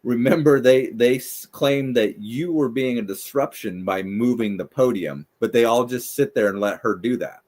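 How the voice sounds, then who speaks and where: A man co-hosting a casual podcast, talking fast and bluntly with plenty of swearing. His pitch sits in the middle range. He keeps pushing his point with heavy emphasis. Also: darkish tone. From United States. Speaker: co-host.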